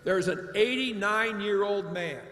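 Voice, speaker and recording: A man's voice: sits high, measured pace, fairly bright tone. A man from Ohio giving a commencement address, a blunt and emphatic storyteller. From Ohio, United States. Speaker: commencement speaker. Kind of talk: commencement address with folksy anecdotes. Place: large hall at a graduation ceremony. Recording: echoey large hall with long reverb.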